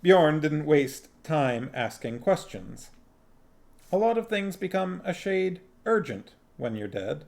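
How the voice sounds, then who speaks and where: Male streamer narrating a novel aloud, slow, deliberate and gravelly. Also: on the high side, sing-song, darkish tone. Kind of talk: audiobook-style narration.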